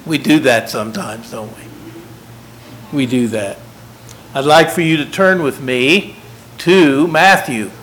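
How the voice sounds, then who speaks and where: An older man preaching a sermon, folksy and self-deprecating, unhurried. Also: medium pitch, fairly bright tone, slight background noise, poor audio.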